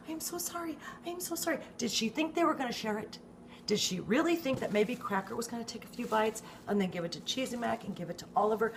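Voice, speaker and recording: A middle-aged woman from the United States telling an exasperated, animated story in a casual vlog, swearing freely and often tagging her lines with "okay?". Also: a little high, slight background noise. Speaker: vlogger, dog owner.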